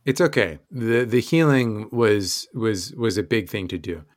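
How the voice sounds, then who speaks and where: A man's voice: on the low side, unhurried. A man acting as game master who explains the rules and thinks aloud. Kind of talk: narrating a tabletop game.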